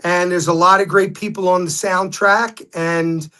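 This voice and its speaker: A man, a guest telling stories in a casual interview, animated when quoting others. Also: high-pitched, measured pace.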